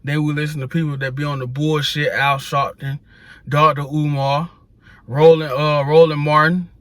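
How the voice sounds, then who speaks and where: A man's voice: on the high side, level tone, normal speed, fairly bright tone, dry recording. A man delivering a blunt, profane rant straight to the camera in a preachy, casual tone. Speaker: social media commentator.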